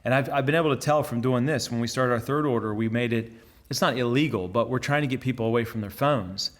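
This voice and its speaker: A friar gives a conversational conference talk to a lay audience. This man tells stories earnestly, repeating words and restarting sentences as he thinks aloud. His voice sits at an ordinary male pitch. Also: fast. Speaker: friar giving a conference to laypeople. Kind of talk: conversational sermon.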